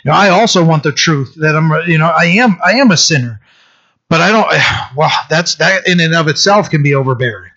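A man with a slightly high voice, preaching a sermon in a loose, conversational way. He restarts his sentences often and fills the gaps with "uh" and "you know". The recording sounds dull and lo-fi. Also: lively intonation, fairly quick, sharp tone. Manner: conversational, with frequent restarts and fillers. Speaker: pastor.

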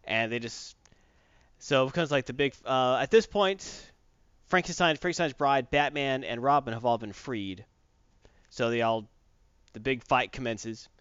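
A man's voice: medium pitch, unhurried, fairly bright tone, smooth, no room sound, lo-fi sound. A man in casual chat, recapping a comic book plot in a rambling way with many fillers and restarts.

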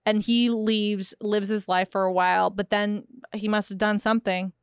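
Woman, podcast co-host, casual storytelling, middle pitch, dead-dry sound. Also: flat delivery, normal speed, clean tone, dry recording. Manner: recounts history with dry asides.

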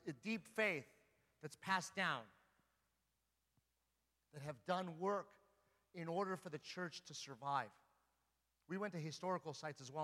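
An Orthodox priest preaches a sermon in a church, his bright, forceful voice pitched a bit higher than most men's. Earnest in tone, he repeatedly addresses his listeners with rhetorical questions. Each phrase trails off into the long reverb of the large hall.

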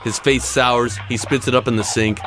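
A man's voice: mid-range voice, fairly even intonation, moderate pace, over music. A man telling a dramatic personal story in punchy, short clipped phrases.

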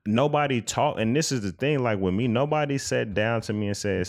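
A podcast co-host with a medium-pitched voice talks fairly quickly in a casual chat, sounding earnest and reflective and restarting his sentences often.

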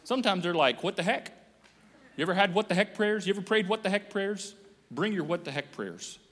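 A man preaching a sermon as pastor, animated and joking, acting out the voices of people he quotes. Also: sits high, brisk. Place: church auditorium. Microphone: handheld microphone on stage. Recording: echoey church hall.

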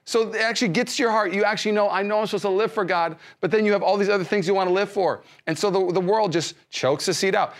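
A male pastor giving a sermon, speaking conversationally with many restarts and swinging between loud emphasis and soft hushed lines. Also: high-pitched, steady tone, quick pace, few pauses. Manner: frequent fillers and restarts, conversational preaching.

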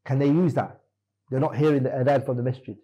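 A man's voice: mid-range voice, steady tone, fast, mellow, husky, muffled recording. A man teaching a classroom lesson on Islamic law, quizzing his students by name and correcting them firmly.

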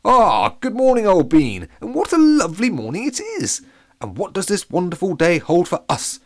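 A man's voice: high-pitched, huge pitch swings, normal speed, pitched above the performer's own voice, full character voice. A man voicing a cheerful, posh living pancake who talks like an old-fashioned soldier. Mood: jolly, enthusiastic. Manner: unnaturally enthusiastic, posh.

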